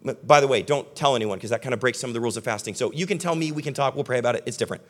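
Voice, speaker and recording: A young man preaching a sermon as pastor, talking animatedly and conversationally, then dropping to soft, earnest tones. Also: mid-range voice, racing. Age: young adult.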